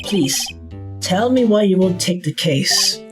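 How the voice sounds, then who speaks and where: A woman's voice: lowish voice, animated, slow pace, soft background music. A woman reading an earnest young lawyer. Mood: exasperated. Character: young male defense lawyer, earnest and exasperated. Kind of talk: game dialogue read aloud.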